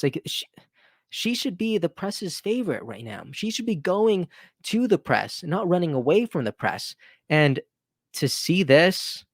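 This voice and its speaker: Recorded dry in a clean studio, this man's voice sits on the high side. He hosts his own political commentary video, talking casually, restarting repeatedly, and adding emphatic rhetorical asides.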